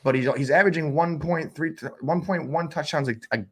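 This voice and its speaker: A man co-hosting a fantasy football show, ranting in an animated, exasperated way with big jumps in pitch. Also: fairly quick, husky. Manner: exasperated, uses cooking metaphors. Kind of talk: animated sports chat.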